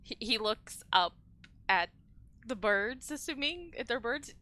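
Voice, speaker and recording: A woman player narrating her character's actions in a tabletop game, in a lively, chatty way. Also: a little high, slow pace, no room sound.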